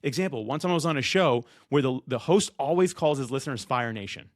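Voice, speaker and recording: A man speaks straight to camera about how to be a good podcast guest. He talks loud and rapid-fire, slipping into quick impressions of guests and hosts. The sound is close and dry, with no room around it. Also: mid-range voice, animated, no echo. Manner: loud and fast, acts out quoted guests and hosts. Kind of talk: energetic direct-to-camera advice talk.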